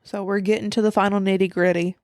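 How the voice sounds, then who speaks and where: Animated young woman recapping a film. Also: medium pitch, fast talker, no echo, clean studio sound. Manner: animated storytelling, acting out quotes, laughing often. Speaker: podcast host. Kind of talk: casual film recap chat.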